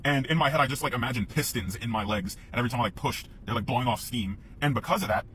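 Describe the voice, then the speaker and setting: Bright-voiced man telling a rambling story. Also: mid-range voice, fast talker, a little hiss or hum, rough recording. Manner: rambling, profane, often laughing. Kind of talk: casual storytelling to camera.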